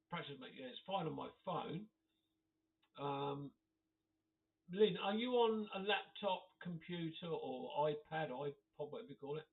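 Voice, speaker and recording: A man's voice: on the high side, creaky. A man chatting casually to viewers on a live stream, laughing often as he reads out comments. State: occasional cough. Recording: tinny phone-like audio.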